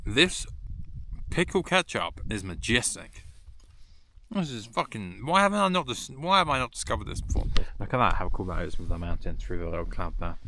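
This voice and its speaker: A man chatting casually as he vlogs from a high mountain trail outdoors, rambling and swearing freely. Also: sing-song, moderate pace, pushed and bright, slight background noise. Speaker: hiking vlogger. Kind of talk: casual vlog chat.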